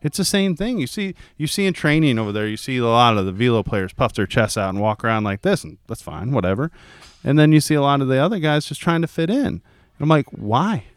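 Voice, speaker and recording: A man in his thirties, a youth baseball coach, chatting casually and acting out conversations with lively voices. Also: mid-range voice, quick pace, clean tone, no echo, clean studio sound. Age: 30s. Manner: animated, acts out quoted dialogue. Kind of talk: casual podcast chat.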